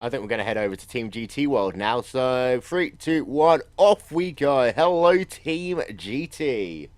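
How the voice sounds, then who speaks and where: A man's voice: medium pitch, animated, measured pace, a little mellow, no room sound, clean studio sound. A man presenting post-race interviews in a breezy, chatty way. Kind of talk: live sim-racing post-race interviews.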